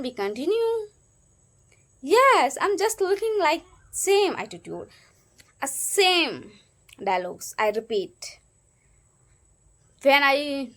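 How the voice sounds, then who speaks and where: A woman's voice: a little high, fairly bright tone, smooth. A woman with an Indian English accent and Hindi as her first language, teaching a casual spoken English lesson in a chatty way, repeating phrases for learners.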